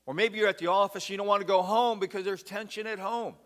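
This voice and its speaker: A man's voice: high-pitched, steady tone, fast, fairly bright tone, in a large hall. A man preaching a sermon as pastor, folksy and conversational, often dropping "man" into his sentences. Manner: folksy, peppers speech with "man". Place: church sanctuary.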